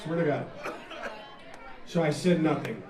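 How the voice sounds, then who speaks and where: Man, rock singer, fairly high voice, onstage storytelling, echoey venue, far mic, loud crowd. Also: unhurried, noisy background. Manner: animated, profane, laughing, acts out the scene. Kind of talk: onstage storytelling between songs. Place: live music venue.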